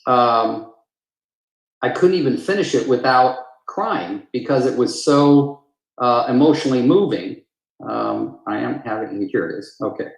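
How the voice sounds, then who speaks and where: A man's voice: medium pitch, animated, measured pace, creaky. Male real estate coach, earnest and emphatic, recorded in a roomy space. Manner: earnest, emphatic, repeats phrases for weight. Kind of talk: live town hall talk. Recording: roomy echo.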